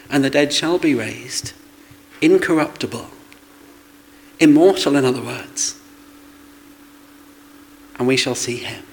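A man's voice: mid-range voice, poor audio. A man preaching a sermon in a conversational way, with rhetorical questions and asides to the congregation.

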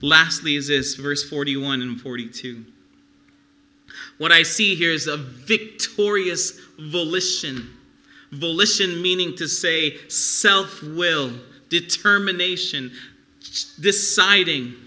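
A man's voice: a little high, slow pace, pushed and bright. A middle-aged man preaching a sermon, earnest and conversational, asking the congregation questions. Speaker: pastor.

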